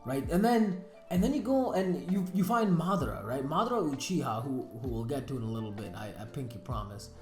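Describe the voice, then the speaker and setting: A woman's voice: a bass voice, big pitch swings, brisk, darkish tone, soft background music. A woman hosting casual anime tier-list commentary, slangy, profane and emphatic. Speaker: anime video host. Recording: roomy echo.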